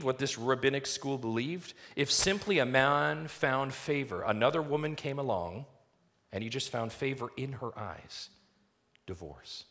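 Male pastor, mid-pitched voice, sermon delivery, emphatic rises, asks the congregation questions. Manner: animated preaching with rhetorical questions to the congregation; reads scripture aloud slowly and deliberately.

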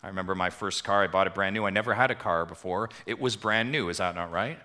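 A man preaching a sermon to his church congregation, asking rhetorical questions and swinging between emphatic swells and quiet drops. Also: low voice, quick pace. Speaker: pastor.

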